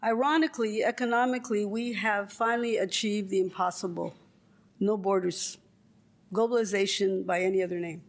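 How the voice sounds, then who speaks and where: Reading from a prepared lecture, this older guest lecturer from California has a mid-range voice. She speaks in a measured, rhetorical manner and now and then stops for a wry joke.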